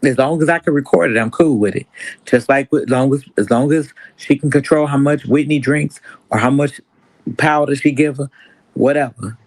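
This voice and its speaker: A man hosts a casual livestream chat. He tells the story with animated energy and keeps slipping into other people's words. His voice is mid-pitched, close and dry, with no room sound. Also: dry recording, rough recording. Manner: animated storytelling, acts out quotes. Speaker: stream host.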